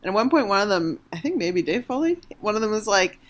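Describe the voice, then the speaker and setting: A woman's voice: medium pitch, sing-song, fast talker. A woman co-hosting a casual chat, rambling, laughing often and swearing freely. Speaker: podcast co-host.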